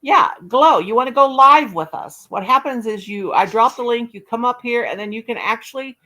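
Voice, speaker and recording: A woman's voice: fairly high pitch, moderate pace, bright, forceful tone. A woman hosting a casual livestream, chatting and thinking aloud while she fiddles with settings. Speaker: livestream host. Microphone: laptop or phone mic on a live call.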